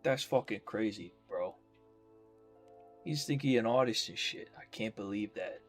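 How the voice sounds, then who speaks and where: A man putting on a brash, foul-mouthed male Brooklyn tough guy with a Brooklyn accent, aggressive and yelling. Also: lowish voice, unhurried, soft background music, natural voice. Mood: mocking.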